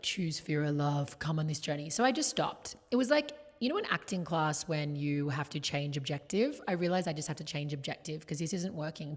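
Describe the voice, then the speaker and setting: Young woman, low voice, chatty confessional storyteller, lots of fillers, long hall reverb. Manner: chatty, many "like" fillers, shifts between loud and hushed. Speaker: vlogger.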